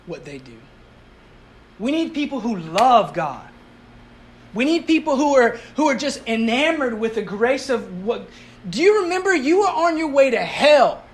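A pastor giving a sermon to a congregation in a conversational way, asking the audience rhetorical questions and mixing in light humor. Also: mid-range voice.

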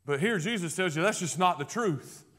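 A male pastor preaching a sermon, swinging from loud emphatic declarations to hushed, low passages. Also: lively intonation, normal speed.

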